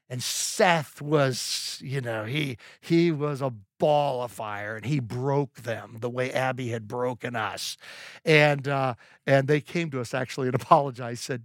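A man's voice: mid-range voice, measured pace, dry recording, studio quality. A middle-aged man preaching a sermon, conversational and humorous, with frequent repeated words and fillers. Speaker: pastor.

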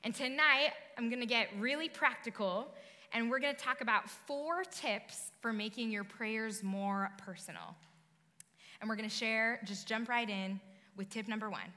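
A woman's voice: on the high side, normal speed, bright, forceful tone. A woman preaching a sermon in a conversational way that swells into emphatic bursts. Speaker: pastor. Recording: long reverb of a large hall.

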